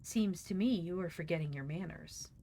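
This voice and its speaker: A woman voicing a scornful, vain female glass cat in a shrill, demanding, impatient voice. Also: normal speed, creaky, warm tone, a little hiss or hum. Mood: haughty.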